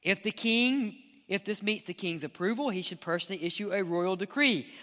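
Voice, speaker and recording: A male pastor, preaching an impassioned sermon that swings between loud and hushed. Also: high voice, normal speed, long reverb tail.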